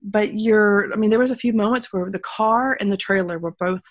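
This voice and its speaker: A woman's voice: mid-range voice, normal speed, no echo, clean studio sound. A woman from Texas telling a personal story in a casual interview, rambling with many ums and restarts and sincere talk of faith. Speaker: guest telling her story.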